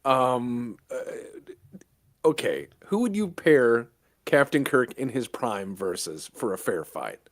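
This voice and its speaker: Gravelly guy on a podcast, voice jumps around a lot, dry sound. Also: mid-range voice, sing-song, slow, no room sound. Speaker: podcast guest. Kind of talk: casual chat.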